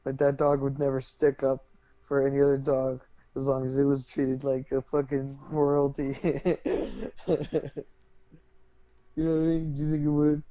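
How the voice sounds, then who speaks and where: A man's voice: medium pitch, little pitch movement, measured pace, dark tone, no echo, lo-fi sound. A man co-hosting a podcast in casual, profane chat who keeps pressing his questions. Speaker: podcast co-host.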